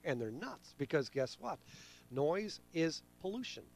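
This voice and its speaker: A man on a radio talk show explaining how hearing works, animated and given to acting out sounds with his voice. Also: fairly high pitch, measured pace, creaky, slight background noise. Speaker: hearing expert guest.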